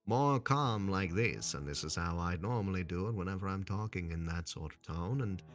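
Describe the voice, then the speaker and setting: A man's voice: deep voice, fairly quick, faint music behind. A man chatting casually on a stream, jokey and rambling about doing voices. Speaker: streamer co-host. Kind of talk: casual chat.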